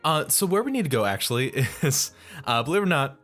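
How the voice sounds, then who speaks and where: Man, let's play host, casual rambling commentary, jokey, animated pitch, faint background music. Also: fairly quick. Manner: rambling, jokey, many fillers.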